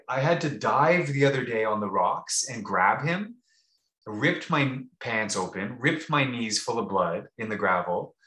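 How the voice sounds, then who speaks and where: A man's voice: fairly low pitch, pushed and bright. A man co-hosting a podcast, telling a rambling, casual story with many restarts and fillers. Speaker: podcast co-host. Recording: roomy echo.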